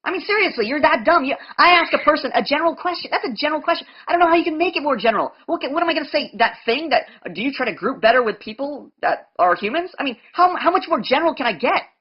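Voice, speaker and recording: A man's voice: very high-pitched, expressive, quick pace, few pauses. A man in a heated online debate call, mocking, insulting, and talking over his opponent. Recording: lo-fi call audio.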